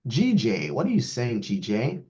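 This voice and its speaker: A man's voice: medium pitch, unhurried. A man teaching a live trading lesson, talking straight to his students and acting out their questions in a raised voice. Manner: lively, talks to students, quotes askers in a raised voice. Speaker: trading instructor. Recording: dull lo-fi audio.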